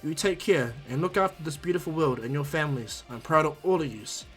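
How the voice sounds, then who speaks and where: A man voicing a calm all-powerful multiverse overseer. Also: a little high, brisk, soft background music, lightly acted. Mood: calm, kindly.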